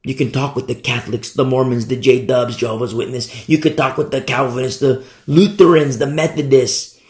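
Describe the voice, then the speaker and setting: A man preaching a sermon with fervent emphasis, swinging between loud declarations and hushed asides. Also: medium pitch, fairly even intonation, moderate pace. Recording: echoey room.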